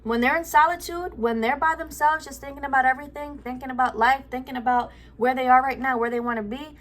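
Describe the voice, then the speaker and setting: A woman's voice: sits high, steady tone, fast talker, fairly bright tone. A woman giving a spiritual love reading at home, channeling aloud in a rambling way, often repeating herself and searching for words. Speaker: tarot card reader.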